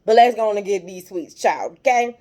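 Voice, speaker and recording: A woman hosting a casual TV episode recap, chatty and opinionated, often calling the viewer "child" and "honey.". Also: fairly quick. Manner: animated, rises high when worked up.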